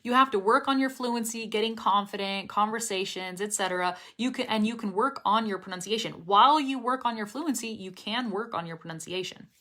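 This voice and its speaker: A woman's voice: medium pitch, a little fast, few pauses, bright, forceful tone. A young woman teaching English pronunciation, chatting upbeat on a live stream while reading viewer comments aloud.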